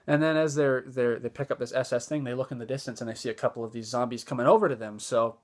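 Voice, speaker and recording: A man's voice: mid-range voice, fairly even intonation, fast. A man giving a casual spoken movie review, easygoing and enthusiastic, with a loose retelling full of fillers and restarts.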